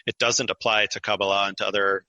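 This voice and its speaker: A man with a bright, cutting voice speaks a little lower than most and explains ideas in a lively way. He laughs easily during the conversation. The sound is close and dry. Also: fast talker, dry recording, poor audio. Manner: animated, explanatory, laughs often. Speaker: author and guest. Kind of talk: conversational interview.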